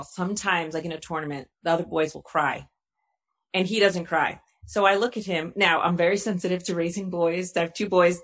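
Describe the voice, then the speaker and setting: A woman's voice: on the low side, a bit bright. A woman hosting a podcast, talking candidly about her sons and asking her guests for advice. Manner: candid, chatty, self-disclosing. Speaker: host. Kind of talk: podcast discussion.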